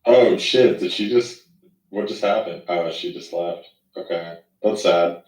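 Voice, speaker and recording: Apresentador animado e provocador, frases recomeçadas, voz grave, longe do microfone e com eco. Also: male voice, deep voice, a little slow, roomy sound, distant mic, low-quality recording. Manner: excitable, teasing, stop-start. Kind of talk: casual live chat.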